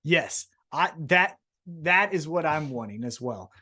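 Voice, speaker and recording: A man's voice: fairly high pitch, measured pace. A man co-hosting a wrestling podcast, recapping a show in casual, profane chat and acting out what the wrestlers said. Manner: profane, animated storyteller acting out quotes. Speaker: podcast co-host.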